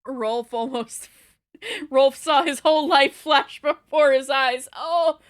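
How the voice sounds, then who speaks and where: High-voiced woman streaming a game. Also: slow pace. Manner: reads dialogue aloud, laughing asides. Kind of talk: live game commentary.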